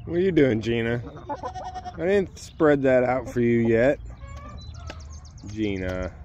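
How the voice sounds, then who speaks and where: A man vlogging from his homestead barn, talking through his animals' care and chatting softly to his ducks. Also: mid-range voice, slow pace, lo-fi sound, background noise. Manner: talks gently to his animals in a raised sing-song voice. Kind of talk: casual vlog narration. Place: outdoors at a barn with farm birds. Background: ducks, geese and chickens honking.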